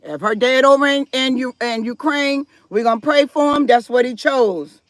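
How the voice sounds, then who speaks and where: A woman's voice: sits high, normal speed, no echo, soft background music. A woman hosting a live stream, chatting casually with viewers and reading their comments aloud, firm about respect in her chat. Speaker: livestream host.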